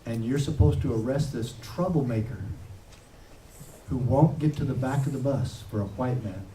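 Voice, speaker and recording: A man, a former sheriff, giving an impassioned public speech with forceful, emphatic peaks. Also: medium pitch. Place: event room. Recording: echoey room heard from a distance.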